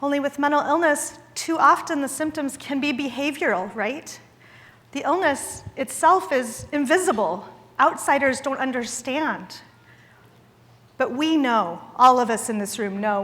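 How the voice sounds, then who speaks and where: A woman's voice: high-pitched, unhurried, a bit bright. Woman, forties, from Idaho, earnest public speech, wry humor, long hall reverb. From Idaho, USA. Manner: earnest and candid, with wry self-deprecating humor. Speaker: guest speaker at a charity gala. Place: large event hall.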